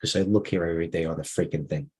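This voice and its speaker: A man's voice: low voice, steady tone, quick pace, a little mellow, husky, poor audio. A middle-aged man hosting a live stock market stream, commenting off the cuff with rambling asides and restarts.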